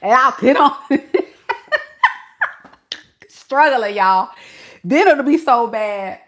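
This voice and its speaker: Animated woman with a lively, high voice. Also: takes it slowly, pauses often. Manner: animated, playful storytelling with lots of acted-out voices. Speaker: tarot reader. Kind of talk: casual chat to camera.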